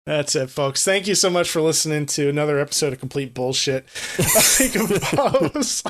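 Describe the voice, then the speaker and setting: A young man co-hosting a podcast, his voice sitting a little high for a man. He tells loose, joking stories and keeps breaking into laughter. It's a relaxed, casual chat. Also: normal speed. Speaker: podcast co-host.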